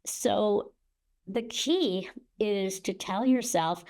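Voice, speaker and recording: A woman's voice: fairly low pitch, moderate pace, darkish tone. An older woman as an interview guest, explaining panic and breathing, sometimes acting out gasps to show the pattern.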